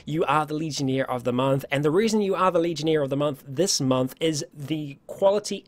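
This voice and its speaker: A man's voice: on the high side, fairly quick, hardly any pauses. A man hosting a casual livestream Q&A, chatty and upbeat, often laughing and restarting his sentences, his voice getting worn. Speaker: livestream host.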